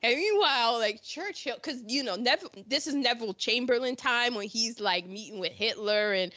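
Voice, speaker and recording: A woman hosting a casual podcast chat on history, talking in an animated way and acting out countries in silly voices. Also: fairly high pitch, normal speed, no echo. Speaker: podcast host. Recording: dull lo-fi sound.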